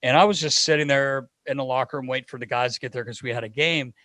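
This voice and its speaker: A man, a hockey equipment manager, telling a lively story as a podcast guest. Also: medium pitch, fast, dry recording. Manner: lively anecdotal storyteller acting out dialogue. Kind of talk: casual storytelling in a podcast interview.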